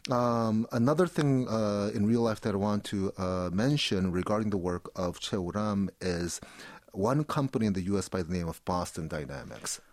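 A man's voice: lowish voice, normal speed, a little mellow, no echo, clean studio sound. A man talking as a guest in an interview, explaining an artist's work with many fillers and frequent "right?" check-ins. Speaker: art commentator guest. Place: studio in Seoul.

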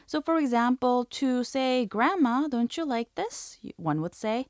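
A woman hosting a scripted language lesson, speaking clearly and deliberately and repeating each example phrase slowly. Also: a little high, big pitch swings, darkish tone, no echo, clean studio sound. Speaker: host.

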